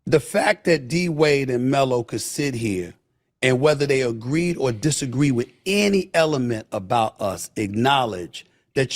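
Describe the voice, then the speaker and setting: A man's voice: medium pitch, animated, measured pace. A man talking as a podcast guest, blunt and emphatic, repeating himself for stress. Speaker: podcast guest, media personality. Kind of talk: casual podcast conversation.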